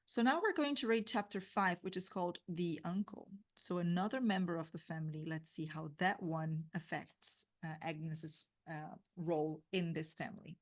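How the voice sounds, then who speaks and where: A woman's voice: on the low side, moderate pace, hardly any pauses. Woman teaching a literature reading lesson. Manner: explains with fillers and rhetorical "right?".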